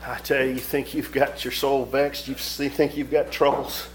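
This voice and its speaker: A man preaching a sermon, reading scripture aloud and breaking into fervent, sudden loud surges with quick casual asides. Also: medium pitch, level tone, slight background noise. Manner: reads scripture aloud in old-fashioned phrasing.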